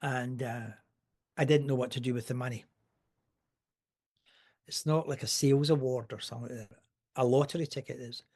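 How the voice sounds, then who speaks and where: An older man talks at a mid-range pitch as a podcast guest. He tells rambling stories with dry, wry asides, in a relaxed conversational way. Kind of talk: casual storytelling.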